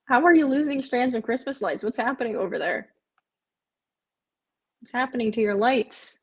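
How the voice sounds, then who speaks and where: A woman's voice: a little high, expressive, moderate pace, breathy edge. A woman hosting a live stream, chatting casually and answering viewer comments, with frequent "um" fillers and repeated phrases. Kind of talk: casual live watch-along chat.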